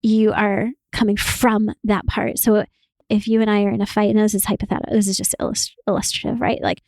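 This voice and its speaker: A woman co-hosting a casual podcast conversation, talking in an animated way and laughing often as she explains. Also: mid-range voice, a little fast, no echo. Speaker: podcast co-host.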